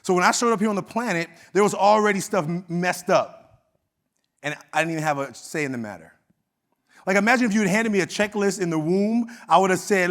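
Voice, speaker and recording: A man's voice: high-pitched, fairly quick, a bit bright. A middle-aged man with an Oakland accent giving a keynote speech, telling a personal story in a conversational way and acting out quoted dialogue. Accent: Oakland, California. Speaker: keynote speaker. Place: conference hall stage.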